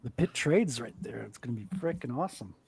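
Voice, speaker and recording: A man's voice: mid-range voice, expressive, fairly quick, gravelly, darkish tone, slight background noise. A man from France speaking English, teasing the others in a casual livestream chat.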